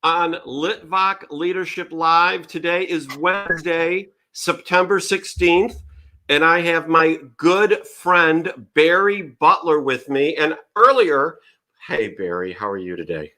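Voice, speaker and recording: Bright-voiced man hosting a live show. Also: fairly high pitch, lively intonation, slow pace. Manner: chatty, upbeat, greets viewers by name. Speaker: livestream show host. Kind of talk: casual live interview.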